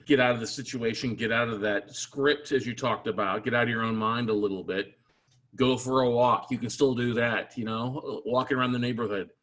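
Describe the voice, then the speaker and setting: A man's voice: mid-range voice, steady tone, fairly quick, fairly bright tone. A man hosting a talk show, chatting bluntly and venting with a little swearing. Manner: blunt, swearing, vents with acted asides. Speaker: show host. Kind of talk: casual chat.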